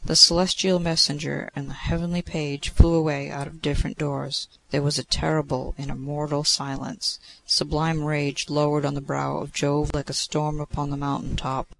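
A man narrating a classic story in a measured, theatrical reading. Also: a little high, little pitch movement, vocal fry, sharp tone, poor audio. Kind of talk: audiobook narration of classic fiction.

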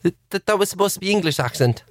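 Giggly high-voiced man chatting. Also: expressive, fast, dry recording, clean studio sound. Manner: giggly, rambling, laughs often. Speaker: podcast co-host. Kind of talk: casual chat.

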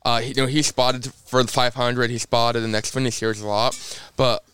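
A man's voice: mid-range voice, fairly quick, clean tone. A young man from Indiana, a race car driver, telling stories in a casual podcast interview and acting out the quotes. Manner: lively storyteller who acts out quotes.

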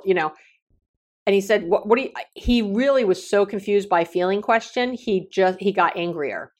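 Animated woman with lively pitch. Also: normal speed. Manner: animated storytelling, acts out quoted dialogue. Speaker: relationship coach and consultant. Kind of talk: podcast advice talk.

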